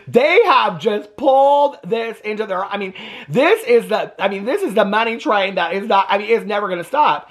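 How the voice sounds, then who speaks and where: Hosting a reaction video, a man recaps a documentary with casual, exasperated commentary and quick asides. His voice sits high and sounds animated.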